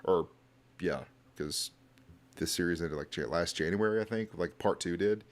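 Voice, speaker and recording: A man's voice: low-pitched, normal speed. A man streaming a late-night reaction video, talking casually and rambling, with many fillers. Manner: rambling, lots of "like".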